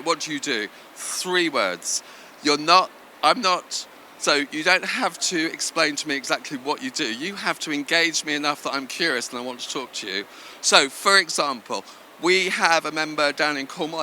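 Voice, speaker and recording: A man's voice: on the high side, bright, forceful tone, slight background noise. A man speaking at a business conference, chatty and self-deprecating, telling anecdotes to the audience. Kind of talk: live conference talk. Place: event venue.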